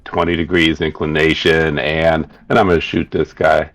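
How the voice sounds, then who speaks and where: Brief: man playing a scheming goblin gunner, deep voice, clipped precise delivery. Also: flat delivery, moderate pace, a bit bright. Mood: calculating. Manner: clipped, precise targeting talk. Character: calculating male goblin gunner, crafty.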